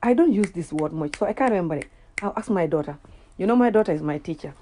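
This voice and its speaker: A woman's voice: fairly low pitch, lively intonation, quick pace, dark tone, a little hiss or hum. A Gambian woman whose first language is Wolof, ranting casually in a video, often laughing at herself and repeating words as she searches for them. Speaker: vlogger. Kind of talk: casual reaction rant.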